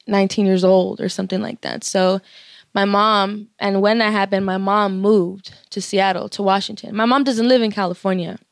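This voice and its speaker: A young woman rapper in her twenties tells a story in a loose, casual way, swearing a lot, using plenty of fillers and laughing often. Her medium-pitched voice holds a steady tone at a moderate pace, captured in a dry, studio-quality recording.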